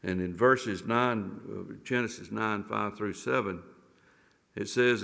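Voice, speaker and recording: A man teaching a Sunday school Bible lesson in a church, reading scripture and explaining it with halting, repeated restarts and fillers. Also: fairly low pitch, steady tone, gravelly, fairly bright tone, long reverb tail.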